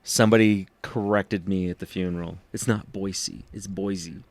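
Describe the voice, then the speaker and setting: A man hosting a podcast, chatting casually and animatedly, acting out quoted lines in a higher voice. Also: normal speed, no room sound. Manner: animated storyteller, acts out quotes in a high voice. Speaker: podcast host. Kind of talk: casual chat.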